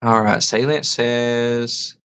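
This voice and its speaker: A man's voice: medium pitch, fairly even intonation, slow pace, a bit bright, clean tone, poor audio. A man hosting a casual livestream, reading chat comments aloud and musing over them. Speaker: host.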